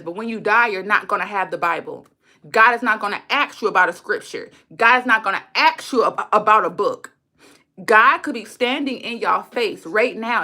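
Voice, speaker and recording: A woman's voice: mid-range voice, sharp tone. A woman on a livestream talking straight to her chat. She is blunt, heated and profane, and she repeats her lines for emphasis. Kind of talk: unscripted livestream rant.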